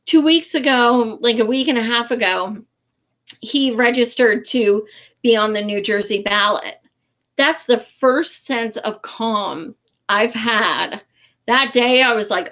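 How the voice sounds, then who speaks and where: A woman's voice: fairly high pitch, takes it slowly, a bit bright, dull audio. A woman giving casual, frustrated political commentary in a vlog, blunt and swearing freely, with many fillers.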